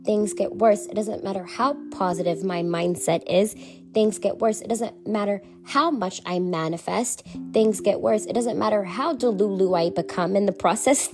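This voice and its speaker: A woman hosting her own podcast, talking openly and emotionally in a rambling, repetitive way. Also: a little high. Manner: candid, emotional, rambling with repeated phrases. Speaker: podcast host. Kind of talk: confessional solo podcast.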